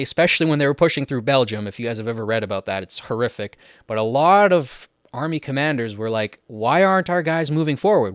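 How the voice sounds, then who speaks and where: A man's voice: mid-range voice, dry recording, clean studio sound. A man talking casually and eagerly about films he loves, with frequent likes and ums as he goes. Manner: chatty and enthusiastic, many likes and ums. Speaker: film list channel host. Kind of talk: casual film review talk.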